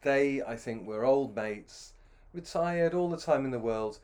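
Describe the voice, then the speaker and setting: A man's voice: mid-range voice, lively intonation, a little slow, a little mellow. A middle-aged man telling a long, self-deprecating anecdote with many restarts. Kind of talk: anecdotal storytelling.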